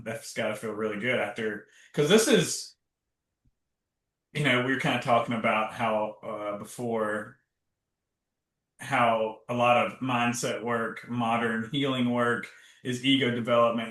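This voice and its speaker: A man's voice: mid-range voice, steady tone, normal speed, a bit bright. A man hosting a podcast interview, reflective and searching as he speaks, with many fillers. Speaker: podcast host and somatic coach. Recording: echoey room.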